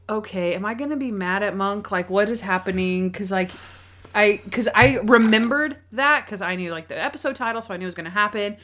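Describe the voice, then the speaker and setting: A young woman co-hosting a podcast, chatting casually and excitedly with many fillers. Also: mid-range voice. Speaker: podcast co-host. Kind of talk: casual chat.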